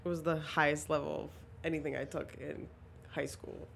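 A young woman with a fairly low-pitched voice hosts a casual podcast conversation. She talks in a laid-back, rambling way, full of "like" fillers and casual swearing. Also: little pitch movement, normal speed, gravelly, a bit bright, slight background noise. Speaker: podcast host. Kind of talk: casual chat.

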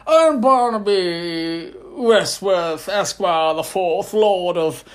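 A boastful aristocratic gentleman explorer, as a woman puts him on, who announces himself in a grand, drawn-out, self-important way. The voice rides higher and louder than her usual talk and sounds thinned and set back. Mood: pompous.

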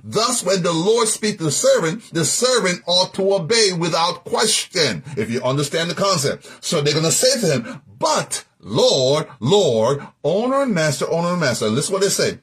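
A man preaching a sermon, teaching scripture in a folksy, animated way, breaking into laughs and sung-out phrases. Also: sits high, a little fast, few pauses, husky.

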